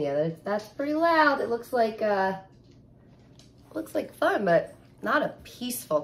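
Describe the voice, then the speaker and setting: A woman teacher reading a picture book aloud to children, adding sound effects and asking them questions. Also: mid-range voice.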